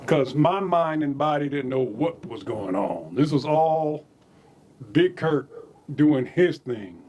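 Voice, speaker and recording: A man casually telling stories from his own life, animated, chuckling and repeating words as he goes. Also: a little high, slow pace, a little hiss or hum. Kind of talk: casual spoken memoir storytelling.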